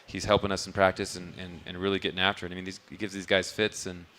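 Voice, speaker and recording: Low-pitched man with a bright voice. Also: flat delivery, fast talker. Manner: easygoing, rambling storyteller. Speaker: head basketball coach. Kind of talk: casual interview answers. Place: restaurant bar, live show.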